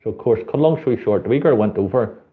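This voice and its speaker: A man's voice: fairly low pitch, lively intonation, rapid-fire. A middle-aged man with a Northern Irish accent, telling a street story in casual chat and swearing freely. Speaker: street photographer hosting a live chat. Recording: tinny phone-like audio.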